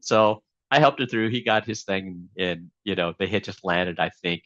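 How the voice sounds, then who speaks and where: A man's voice: sits low, normal speed, fairly bright tone, no room sound, lo-fi sound. A man being interviewed as a guest, telling a long story casually with many fillers and restarts.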